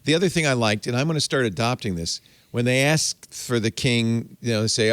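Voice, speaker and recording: A man's voice: medium pitch, fairly quick, hardly any pauses, no room sound. A man in his sixties from the United States hosting a tech podcast, chatting and telling stories. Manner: chatty, storytelling, animated. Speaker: host. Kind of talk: tech podcast panel chat.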